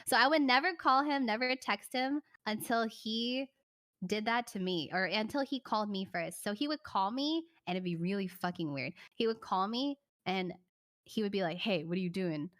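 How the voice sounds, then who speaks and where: A woman streamer casually telling a personal story, animated, swearing and full of "like" fillers. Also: fairly high pitch, moderate pace.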